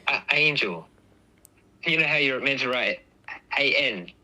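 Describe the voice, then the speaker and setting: A man's voice: medium pitch, lively intonation, measured pace, bright, forceful tone, low-quality recording. A man casually explaining speech sounds, patiently demonstrating them aloud. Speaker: host.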